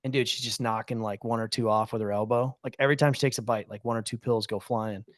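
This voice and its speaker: A man's voice: medium pitch, fairly even intonation, fast, no room sound, clean studio sound. A man co-hosting a podcast, telling a family story in casual chat and acting out the quotes. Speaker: podcast host.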